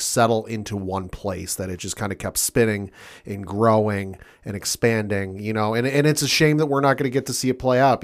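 An American man co-hosting a wrestling podcast, speaking in a reflective, measured way. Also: on the low side. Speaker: podcast co-host. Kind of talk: casual podcast chat.

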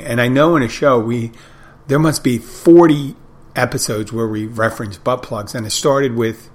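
A middle-aged man hosting a podcast, telling wry, rambling anecdotes in a casual monologue. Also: mid-range voice. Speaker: podcast host.

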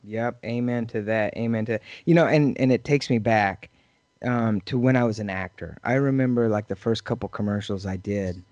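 A middle-aged podcast co-host with a lowish voice chats casually at a normal speed, telling stories animatedly and acting out the quotes. The recording is dry, with the high frequencies cut off.

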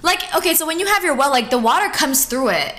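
A woman's voice: high voice, very animated, fast talker, pushed and bright. A woman from Jamaica in casual chat, frank and agreeable, swearing casually. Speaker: co-host, mother of S0.

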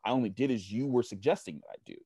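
A man's voice: medium pitch, big pitch swings, rapid-fire, gravelly, dark tone, husky, no room sound, exaggerated voice. Man voicing a firm, indignant young teacher, dry close sound.

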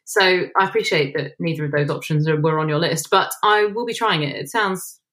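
Animated woman, lower-pitched. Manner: animated, quick to laugh, many fillers. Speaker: podcast co-host. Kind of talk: casual chat.

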